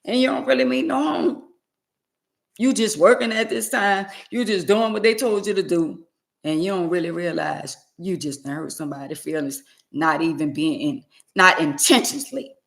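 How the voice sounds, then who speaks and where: A woman's voice: lowish voice, moderate pace, gravelly. A woman talking straight to her viewers in a casual monologue, plain-spoken and emphatic, repeating her points. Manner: plain-spoken, uses y'all. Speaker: vlogger.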